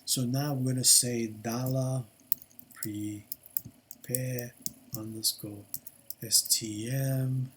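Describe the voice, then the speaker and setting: Slow, rambling older man teaching code. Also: mid-range voice, fairly even intonation, fairly bright tone, a little hiss or hum. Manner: rambling, thinks aloud with many fillers and restarts. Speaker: programming tutor. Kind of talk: casual screen-recorded coding lesson.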